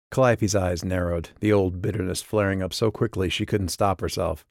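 A man giving measured, scripted audiobook narration. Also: sits low, steady tone, vocal fry, no echo, studio quality.

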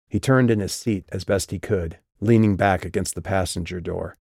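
A man narrating an audiobook in a steady, measured read. His voice sits very low and the sound is close and dry, with no room around it. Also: vocal fry, dry recording.

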